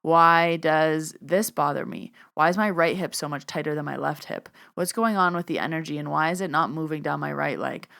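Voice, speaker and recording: Young woman host, deep and smooth, relaxed solo musing. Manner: casual, reflective, repeats questions. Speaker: podcast host, energy worker. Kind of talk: solo podcast talk.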